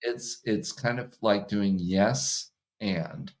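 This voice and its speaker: A man who works as a hypnotherapist and coach, talking casually in an interview, relaxed and laughing often. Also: lowish voice, slow. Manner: relaxed, laughs often, acts out quoted partners.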